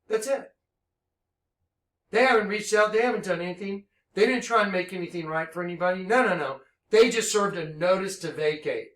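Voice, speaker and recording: A man acting as a self-styled minister, giving an impassioned religious monologue that swings between hushed tones and shouting. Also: high-pitched, a little fast, roomy sound.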